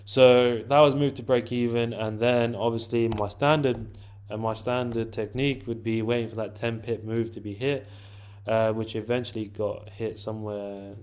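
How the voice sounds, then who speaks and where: A man's voice: mid-range voice, fairly even intonation, moderate pace, darkish tone, clear, resonant tone. A man casually talking through a trading chart, chatty and informal, with frequent restarts. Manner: informal, chatty, often restarts and says "to be fair". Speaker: trader explaining a trade. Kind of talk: casual screen-share trading walkthrough.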